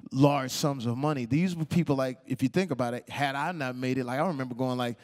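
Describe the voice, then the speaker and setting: A man telling animated stories as the guest of a live stage interview, acting out the people he quotes. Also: mid-range voice, fast. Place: onstage talk before a live audience.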